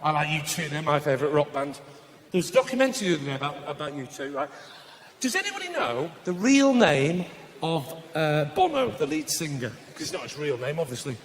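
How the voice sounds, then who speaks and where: A man doing live stand-up comedy in a large venue, bantering with the crowd, mocking, and breaking into bursts of shouting. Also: a little high, very animated, fairly quick, a little hiss or hum. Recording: live show with loud audience laughter.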